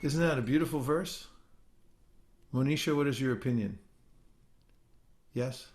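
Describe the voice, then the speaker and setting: A man's voice: medium pitch, measured pace. A man teaching scripture in an echoey room. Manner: relaxed and conversational, with frequent fillers and restarts. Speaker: spiritual teacher leading a scripture class. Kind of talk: informal scripture class with storytelling. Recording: roomy echoey sound.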